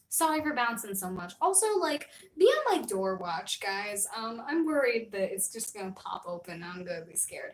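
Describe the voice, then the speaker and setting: A woman's voice: fairly high pitch, big pitch swings, a little slow, a little mellow, distant mic. A young woman live streamer chatting casually with her viewers, rambling, giggly and self-deprecating. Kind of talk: casual livestream chat. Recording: roomy echo, voice a little off-mic.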